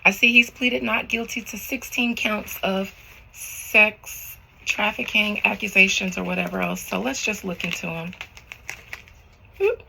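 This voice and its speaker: A woman's voice: medium pitch, measured pace, creaky, bright, forceful tone, slight background noise, rough recording. A woman tarot reader talking casually to her viewers, rambling and slangy, in a spiritual reading vlog.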